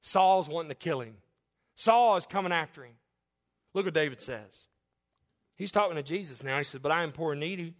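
A man preaches a sermon with a voice set a little above the usual male pitch. He moves between quiet, confiding asides and loud, rising declarations, with a chuckle slipping in here and there. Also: expressive, fairly quick, pauses often. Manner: fervent, swings from soft to loud, with chuckles. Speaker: pastor.

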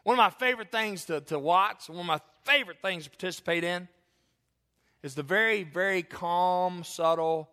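A male pastor preaching an animated sermon, repeating phrases for emphasis and joking with his congregation, recorded in a church. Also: high voice, a little fast. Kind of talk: sermon with humorous asides. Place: church sanctuary. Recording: long reverb of a church hall.

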